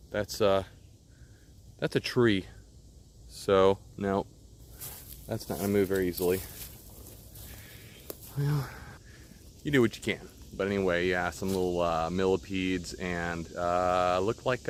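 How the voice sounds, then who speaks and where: A man's voice: sits low, a little hiss or hum. A man vlogging outdoors by a stream bed in a park, talking casually with many fillers and restarts. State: out of breath. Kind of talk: casual outdoor vlog narration.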